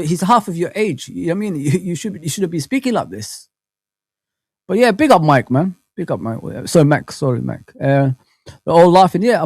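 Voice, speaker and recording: Guy on a live footy stream, slightly high voice, dry close mic, keeps saying bro and man. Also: no room sound. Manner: animated, rambling, heavy on slang fillers like bro and man. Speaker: host of a live football fan chat. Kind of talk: casual live-stream chat, reading comments aloud.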